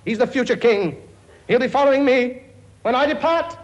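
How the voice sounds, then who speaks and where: A man's voice: extremely high pitch, moderate pace, dull audio. A man playing a blustering, brash king in a comedy sketch. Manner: blustering, brash, mock-regal. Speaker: comic actor playing a king. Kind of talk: comedy sketch with studio audience.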